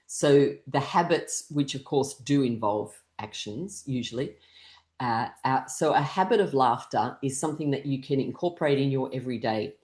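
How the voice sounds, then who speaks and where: A laughter class leader talking listeners through breathing and laughing exercises step by step. They speak gently, ask everyone to copy along, and hesitate now and then with soft fillers. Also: medium pitch, moderate pace.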